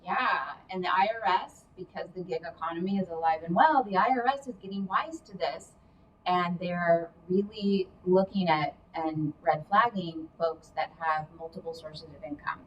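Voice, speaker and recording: A woman's voice: on the low side, normal speed, highs cut off. A woman giving casual career and money advice in a chatty, explanatory way, adding hedging asides. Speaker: career coach guest. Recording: distant mic with faint background noise.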